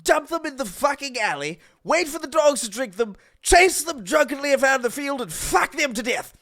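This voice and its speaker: A man putting on a pompous old British gentleman with an exaggerated, plummy put-on British accent. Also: very high voice, animated, moderate pace, voice pushed up, full character voice.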